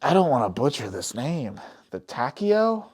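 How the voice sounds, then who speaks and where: A woman giving a casual, spoiler-filled movie recap, excitable and swearing often, who breaks off her phrases mid-thought. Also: rumbling low, a little slow, breathy edge. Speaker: movie reviewer.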